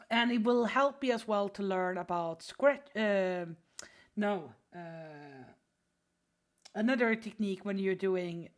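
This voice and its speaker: A woman teaching drawing on a casual livestream, chatty and full of fillers, often apologizing while she reads chat. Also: medium pitch. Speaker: art streamer teaching drawing.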